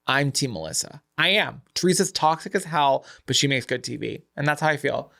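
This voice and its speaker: A man co-hosting a podcast, with a voice a little higher than most men's. He chats casually and teases his co-host in playful banter. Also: lively intonation, fairly quick, gravelly, hardly any pauses, pushed and bright.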